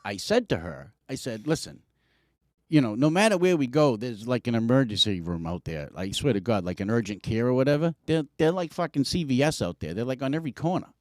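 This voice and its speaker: A middle-aged man spins a long, profane story on a podcast. His voice swings widely in pitch as he acts out what everyone said. The sound is dry and close. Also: fast, hardly any pauses, no room sound. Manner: animated, profane, acts out quotes. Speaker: podcast co-host. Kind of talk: casual storytelling chat.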